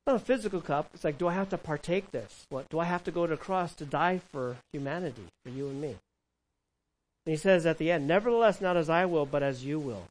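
A man preaching a sermon who asks the congregation questions and acts out prayers and quotes, swinging from loud cries to hushed words. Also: fairly high pitch, a little fast, low-quality recording. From California. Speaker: pastor.

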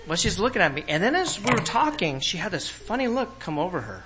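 A man from California preaches in a bright, forceful voice that sits a little high for a man. He tells personal stories in an animated, lively way and often breaks into laughs. Faint noise hangs behind him. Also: fast talker, rough recording. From Orange County, California. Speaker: pastor. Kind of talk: sermon.

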